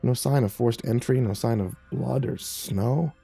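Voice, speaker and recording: A man narrating a first-person horror story in a measured, tense way. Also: medium pitch, creaky, dark tone, slightly rough, soft background music.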